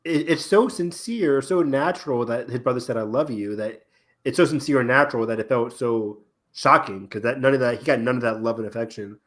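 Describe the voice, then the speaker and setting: A man co-hosting a podcast, excitedly retelling TV episode scenes in casual chat. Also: medium pitch, fairly quick. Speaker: podcast co-host.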